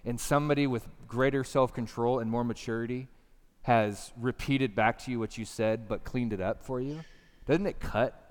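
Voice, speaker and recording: Man preaching in a reverberant hall. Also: mid-range voice. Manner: conversational, emphatic preaching with rhetorical questions. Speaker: pastor. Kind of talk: sermon. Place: church hall.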